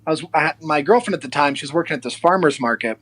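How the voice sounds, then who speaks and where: Animated young man telling a story. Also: a little high, rapid-fire, husky, no echo. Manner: animated, acts out quoted people. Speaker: podcast guest. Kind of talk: casual storytelling.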